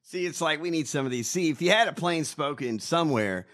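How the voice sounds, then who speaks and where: A man's voice: on the high side, animated, a little fast, fairly bright tone. A man co-hosting a podcast, ranting and mocking in casual, profane talk. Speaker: podcast co-host. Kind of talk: casual chat.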